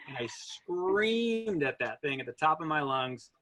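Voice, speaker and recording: A man in an interview telling a story in an animated way, acting out his own thoughts as he goes. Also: a little high, measured pace. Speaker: guest runner.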